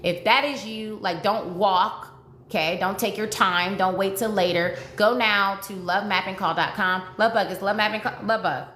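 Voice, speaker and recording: A woman's voice: medium pitch, moderate pace, pushed and bright. Emotional woman dating coach, echoey room. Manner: emotional, repetitive, pleading. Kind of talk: livestream chat with viewers. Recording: echoey room with faint noise.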